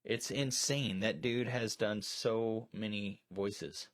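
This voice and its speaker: A man's voice: fairly low pitch, takes it slowly, no room sound, clean studio sound. A man co-hosting a casual movie chat on a live stream, rambling with many restarts and fillers. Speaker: co-host. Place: storage shed.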